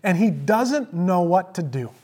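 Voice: medium pitch, very animated, measured pace, husky. Preacher retelling a scripture story. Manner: storytelling with emphatic repetition; swings between loud emphasis and hushed asides. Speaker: pastor. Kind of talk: sermon.

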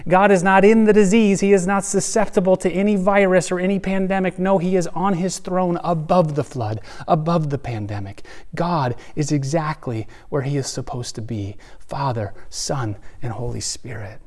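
An earnest pastor in his thirties with a slightly higher voice delivers a sermon. He sinks into hushed, soft phrases and then climbs to forceful emphasis. His preaching keeps a steady, heartfelt pull. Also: normal speed, few pauses. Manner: earnest, swings between soft hushed lines and rising emphasis.

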